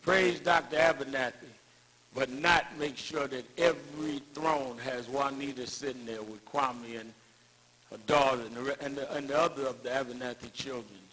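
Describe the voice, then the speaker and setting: A man's voice: mid-range voice, fairly even intonation, moderate pace, bright, forceful tone, husky, poor audio. An older man giving a rousing tribute speech at an event, building emphatic, preacher-like cadences around anecdotes. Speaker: speaker at a civil rights tribute.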